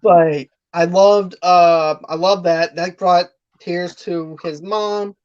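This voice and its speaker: A man's voice: high-pitched, fairly even intonation, slow pace, a little mellow, clean tone. A man co-hosting a casual film review chat, retelling scenes and acting out the quotes. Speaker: podcast co-host. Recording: slightly muffled audio.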